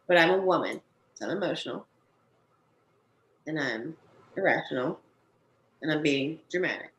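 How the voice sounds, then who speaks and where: A woman's voice: sits low, creaky, a bit bright. A young adult woman, a podcast guest working in the cannabis industry, talking candidly and emphatically in a casual conversation and swearing freely. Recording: echoey room, faint background noise.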